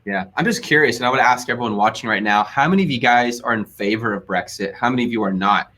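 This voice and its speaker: An upbeat American man hosts a live business webinar, his voice sitting at an ordinary middle pitch. He chats casually, tosses in asides and laughs easily while taking viewer questions. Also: fast, bright, forceful tone. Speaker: host.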